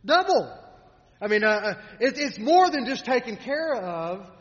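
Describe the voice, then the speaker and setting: High-voiced preacher in an echoing hall. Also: male voice, animated, moderate pace. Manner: earnest, repeats words, many fillers, trails off softly at line ends. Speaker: pastor. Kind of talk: sermon. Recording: dull sound in a reverberant hall.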